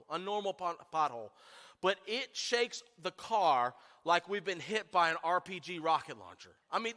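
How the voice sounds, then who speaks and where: Guy preaching, pokes fun at himself, high bright voice, big church echo. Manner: self-deprecating, animated. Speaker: pastor. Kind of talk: humorous sermon storytelling. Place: church sanctuary. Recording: long church hall reverb.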